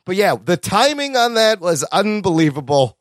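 A man co-hosting a casual movie review podcast, talking excitedly, swearing freely and acting out lines from the film. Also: high voice, moderate pace, no echo, studio quality. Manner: excited, swears a lot, acts out quoted lines. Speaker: podcast co-host.

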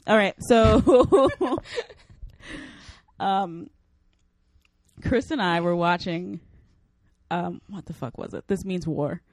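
A woman's voice: fairly low pitch, lively intonation, takes it slowly, pauses often, darkish tone, no echo. A young adult woman co-hosting a podcast, telling a story in casual chat, laughing often and animatedly quoting others. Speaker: podcast co-host. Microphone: studio microphone.

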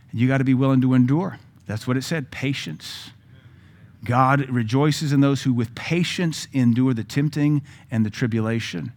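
A man with a Southern US accent, a pastor preaching a sermon in a conversational style with joking asides. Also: medium pitch.

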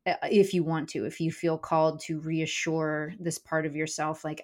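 Candid woman guest, lowish voice. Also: steady tone, normal speed, few pauses, darkish tone. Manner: candid, swears casually, acts out inner voices. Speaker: guest, comedian and keynote speaker. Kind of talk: podcast interview, candid reflective talk.

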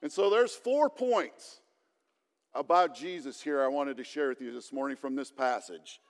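A man's voice: medium pitch, lively intonation, normal speed. A male pastor giving a conversational sermon with light humor, in a church hall.

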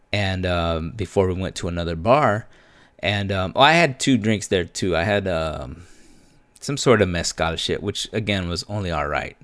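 A man with a deep, low voice spins a loose, slangy story, swearing freely and dropping in Spanish words. He sounds relaxed, taking sips of beer between lines. The sound is close and dry, with no room around it. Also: no room sound. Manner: laid-back and profane, slangy, mixes in Spanish words; sips a beer while talking. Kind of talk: casual storytelling monologue.

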